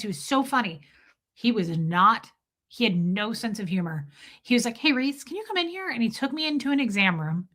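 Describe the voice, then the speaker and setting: A woman in her forties telling candid, rambling stories on a casual live stream, slipping into quick impressions of the people in them. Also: medium pitch, a bit bright. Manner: candid, rambling storyteller, does voices of people.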